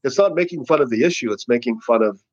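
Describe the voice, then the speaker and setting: A man's voice: mid-range voice, animated, fast, a little mellow, husky, highs cut off. A man who writes satirical news, talking casually in an interview and rambling sarcastically with many restarts. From Canada.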